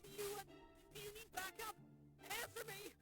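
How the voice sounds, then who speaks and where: A woman's voice: very high voice, little pitch movement, normal speed, loud music behind the voice. A woman putting on the voice of a frantic caller on a phone line, urgently demanding a report.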